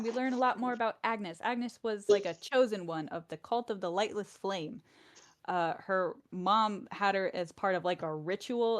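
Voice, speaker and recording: A woman casually recapping episodes of a show to friends, animated and full of fillers. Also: fairly low pitch. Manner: chatty, animated retelling with many fillers. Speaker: presenter of a podcast recap. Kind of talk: casual chat.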